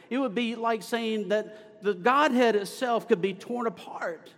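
A man's voice: high-pitched, unhurried, few pauses. A male pastor preaching a sermon with emphatic, swelling stresses, recorded in a church sanctuary. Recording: long hall reverb.

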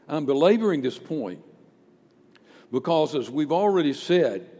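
A man's voice: on the high side, a little mellow. A male pastor preaching a sermon with emphatic rhetorical questions. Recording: long hall reverb.

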